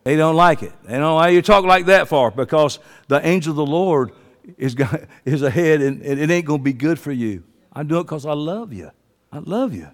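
A man preaching a sermon in a folksy, joking way, swinging into loud, excited preaching. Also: on the high side. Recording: long hall reverb.

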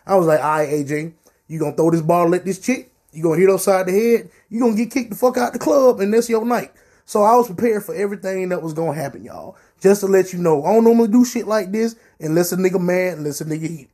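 A young man telling a profane, animated story on his podcast. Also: sits high, fast. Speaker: podcast host. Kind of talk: casual storytelling.

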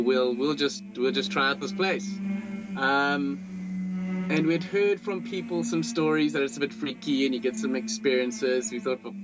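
A man from South Africa with a South African accent, telling a ghost story as a guest in a relaxed, conversational way. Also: mid-range voice, highs cut off.

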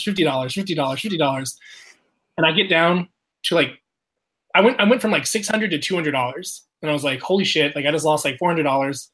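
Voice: mid-range voice, fairly bright tone, breathy edge. A person telling a casual story, swearing often, laughing and acting out the quotes of others.

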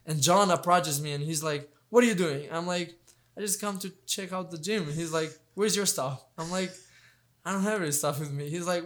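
A man's voice: a little high, a little fast, a bit bright. Young man telling stories with many restarts. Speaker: guest, fighter. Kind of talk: casual interview chat.

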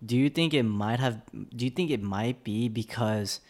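A man co-hosting a podcast, calm and reflective, often answering with short reactions. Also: mid-range voice, normal speed. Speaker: podcast co-host. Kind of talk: casual chat.

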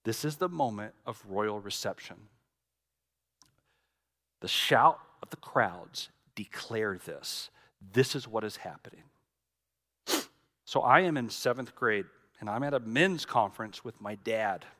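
A middle-aged man, a pastor preaching a sermon with dramatic storytelling, swinging from loud to hushed. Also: on the low side, expressive, measured pace, long pauses.

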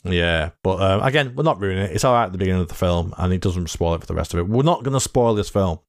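A man's voice: low-pitched, animated, fast talker, dry recording. Sweary, rambling British man, dry sound. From Britain. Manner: swears freely, rambling with restarts. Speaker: podcast co-host. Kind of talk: casual film chat.

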